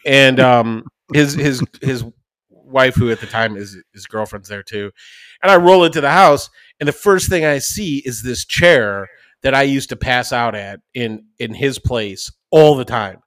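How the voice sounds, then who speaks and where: A man co-hosting a podcast, telling a profane, animated anecdote in casual chat. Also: mid-range voice, no room sound. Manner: animated, profane, fast-rambling anecdote with acted-out quotes. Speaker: podcast co-host.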